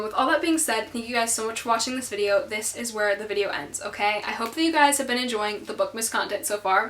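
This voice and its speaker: Bubbly young woman book vlogger, bright voice, lots of "like" and "okay?", bit of country twang. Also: a little high. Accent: rural American country twang slips in. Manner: bubbly, filler-heavy, says "okay?" a lot. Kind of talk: casual chat to camera.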